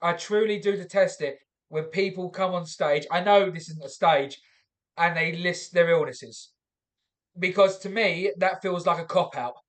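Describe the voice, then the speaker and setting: A man's voice: sits high, a little slow. A man hosting a comedy podcast, giving hesitant casual feedback with many fillers and restarts. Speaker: podcast host. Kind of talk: casual critique.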